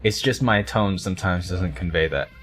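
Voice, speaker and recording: A man's voice: moderate pace, a bit bright, soft background music. A man streaming a game, reading its narration and dialogue aloud and chatting between lines. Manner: reads narration and dialogue, jumps up in pitch for characters.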